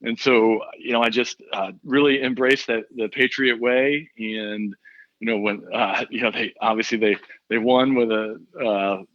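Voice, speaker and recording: A man from southeastern Pennsylvania, a guest in a casual interview, talking in a relaxed way full of "you know" fillers. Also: medium pitch, measured pace, dry recording, dull audio.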